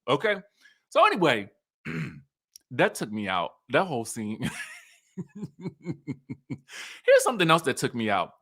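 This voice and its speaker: Lively Southern male recap host; high, bright voice, acts out lines. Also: moderate pace, long pauses. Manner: animated storytelling, acts out cast members' lines; laughs often. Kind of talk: casual chat.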